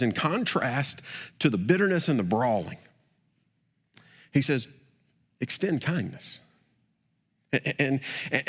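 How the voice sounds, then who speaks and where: A middle-aged man, a pastor, preaching a sermon, stammering on repeated words and rising to emphatic peaks before dropping quiet. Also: breathy edge. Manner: repeats words, builds to emphatic peaks then drops low. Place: church sanctuary. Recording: long hall reverb.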